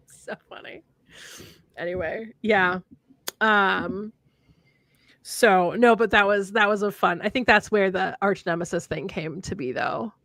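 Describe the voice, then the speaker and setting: A woman's voice: medium pitch, slow, pauses often, no room sound. A young woman hosting a casual livestream chat, telling stories with lots of laughter. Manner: animated storyteller, laughs often. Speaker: podcast host.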